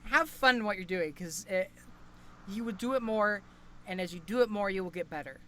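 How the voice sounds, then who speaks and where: A man's voice: high-pitched, moderate pace, sharp tone, slight background noise. A young man co-hosting a podcast over a call, rambling casually with lots of fillers and restarts. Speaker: podcast co-host. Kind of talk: casual chat.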